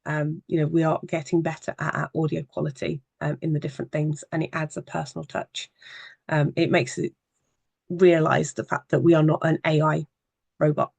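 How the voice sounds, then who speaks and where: A social media marketing trainer giving an evening workshop presentation, explaining in a conversational way with frequent pauses. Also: medium pitch, flat delivery, gravelly, darkish tone, no echo.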